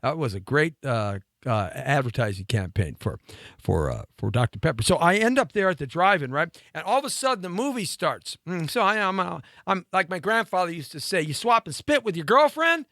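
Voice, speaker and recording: A man in his fifties, a show host, telling a rambling story with animated delivery and laughing asides. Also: on the high side, brisk, no echo, studio quality. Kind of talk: storytelling monologue.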